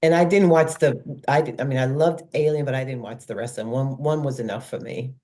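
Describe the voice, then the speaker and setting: A woman's voice: very deep voice, a little fast, warm tone. A woman co-hosting a casual film discussion, enthusiastically retelling scenes. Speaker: podcast co-host.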